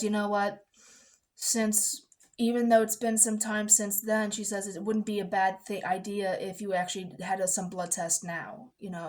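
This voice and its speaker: A woman telling a story in a casual vlog, dramatic and animated, often swearing and acting out the voices of others. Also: medium pitch.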